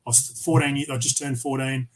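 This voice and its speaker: An Australian man of average pitch talks as a guest on a podcast. He tells loose, rambling stories, swears often and restarts his sentences. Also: level tone, brisk, poor audio. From Tasmania, Australia. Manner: profane, rambling anecdotes with many restarts. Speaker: podcast guest, metal vocalist. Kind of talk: casual storytelling interview.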